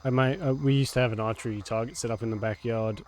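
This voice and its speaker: A man's voice: medium pitch, fairly even intonation, fast, a little mellow, slight background noise. A man chatting casually while streaming a game live. He laughs often and keeps saying meow. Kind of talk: casual live gameplay chat.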